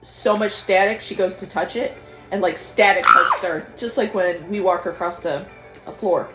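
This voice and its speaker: A young woman joining a casual comedic chat about a film, laughing often and chiming in with quick jokes. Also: mid-range voice, echoey room, over loud music. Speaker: co-host retelling a film.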